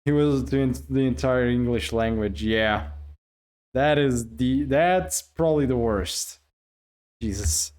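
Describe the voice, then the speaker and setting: A man's voice: mid-range voice, slow pace, a little mellow. A man streaming a video game live, chatting casually, joking and laughing as he talks back to his viewers. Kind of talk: casual live gameplay commentary.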